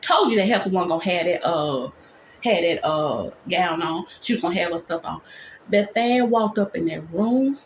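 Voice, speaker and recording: A woman nurse telling a dramatic workplace story in a storytime vlog, talking in quick, animated bursts. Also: lowish voice, roomy sound, a little hiss or hum.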